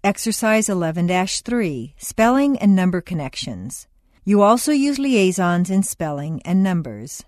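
Woman, instructional reading, lively rising-falling pitch, dry close sound. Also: no room sound. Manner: clear, measured announcing of headings and rules. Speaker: narrator of an accent lesson.

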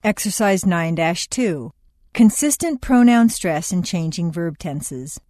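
A woman's voice: fairly low pitch, animated, slow pace, a little mellow, dry recording. Woman announcing lesson headings, dry sound. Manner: plain, announcing tone for headings and instructions. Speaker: narrator. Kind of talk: scripted audio lesson.

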